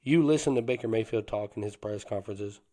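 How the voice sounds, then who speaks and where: A male sports podcast co-host with a lowish, mellow voice talks fast. He's fired up and boastful like a hyped fan, dropping Southern slang such as "them boys" and "cuz."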